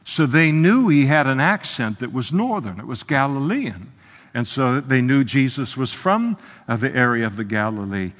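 Man preaching, fired up then hushed, mid-pitched voice, long echo like a big church. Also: expressive, moderate pace. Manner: impassioned, swings from soft to loud with emphatic quotes. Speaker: pastor. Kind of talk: expository sermon. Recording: long hall reverb.

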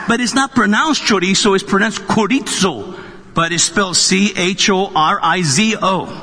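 Pastor type, man, high husky voice, jokey conversational sermon, long hall echo. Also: normal speed, sharp tone. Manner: joking, conversational preaching. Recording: long reverb of a large hall.

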